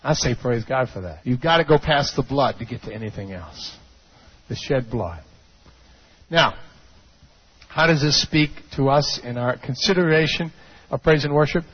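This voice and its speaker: A man preaching a sermon as pastor, swinging from hushed low passages to shouted peaks and calling out to the congregation for amens. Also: normal speed, pauses often, slightly rough. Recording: dull lo-fi recording.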